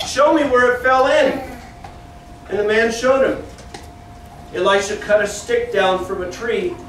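A man teaching a Bible lesson to children in a church classroom, telling the story with animation and pausing to correct the kids. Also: high-pitched, a little hiss or hum. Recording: very echoey room from far off.

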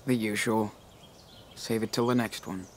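An actor voicing a wry, protective teenage older brother in a video game, with faint outdoor noise and birds behind. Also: male voice, fairly low pitch, fairly even intonation, unhurried, natural voice. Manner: wry, guarded.

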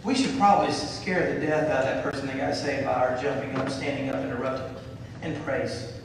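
A man preaching a sermon as pastor, fervent and building to shouts, with many repeated phrases. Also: medium pitch, steady tone, a little fast, background noise. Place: church sanctuary. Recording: echoey church hall from far off.

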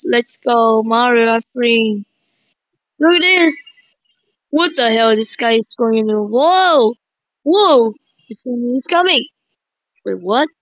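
Woman streamer, high voice, slow delivery, excited game commentary, dry slightly dull recording. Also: no echo. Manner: excitable, frequent exclamations. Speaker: gaming streamer.

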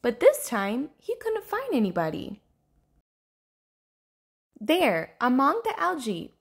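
A woman reads a children's story aloud with a lively, sing-song lilt. Her voice sits a little high and has a soft, breathy texture. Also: takes it slowly, pauses often. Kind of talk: children's read-aloud narration.

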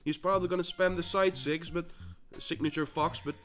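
Dutch accent gamer guy, cussing at opponents nonstop, highish voice, faint game music behind. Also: fairly even intonation, fairly quick. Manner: swearing, trash-talking opponents, sudden yelling bursts. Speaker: gaming channel host. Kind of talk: live gameplay commentary.

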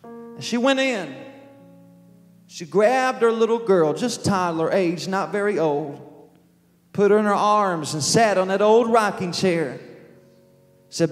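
A man's voice: high-pitched, expressive, takes it slowly, pauses often, in a large hall. A male pastor telling an emotional story in a sermon, slipping into the voices of the people in it. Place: church sanctuary. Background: soft music.

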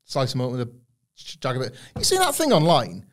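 A man's voice: medium pitch, huge pitch swings, brisk. A British man in his thirties who co-hosts a podcast, chatting casually and riffing with loose, rambling jokes. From United Kingdom. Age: 30s. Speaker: podcast co-host. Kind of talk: casual chat.

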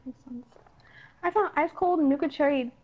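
A woman's voice: high voice, moderate pace, dull audio. A woman dropping in on a gaming session, talking bluntly and swearing freely. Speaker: friend dropping in on the stream. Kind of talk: casual chat.

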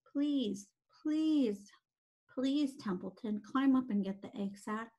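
A woman's voice: a little high, normal speed, darkish tone, close to an everyday voice, low-quality recording. A woman voicing an earnest, pleading young pig. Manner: pleading, fervent.

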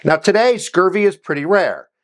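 A man giving a quick history explainer in an energetic, jokey way, with playful asides to his viewers. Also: high-pitched. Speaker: history educator.

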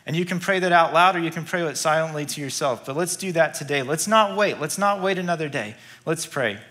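A male pastor preaching a sermon in a church, telling a story in a lively way with chuckling asides. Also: a little high, fairly quick, few pauses, soft background music. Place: church auditorium.

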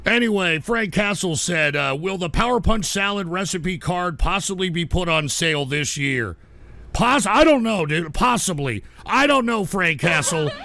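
Exasperated high-voiced man scolding trolls. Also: animated, normal speed, gravelly, pushed and bright, no echo. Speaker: livestream radio host. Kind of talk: live call-in stream, reading super chats.

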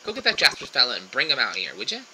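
A man doing a folksy, gruff old dad. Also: medium pitch, huge pitch swings, very fast, pushed and bright, full character voice, low-quality recording.

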